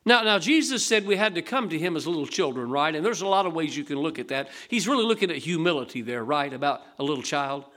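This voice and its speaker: A man's voice: fairly high pitch, expressive, fast, hardly any pauses, bright, forceful tone. An older man preaching a sermon in a folksy, conversational way, asking the congregation rhetorical questions. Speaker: pastor.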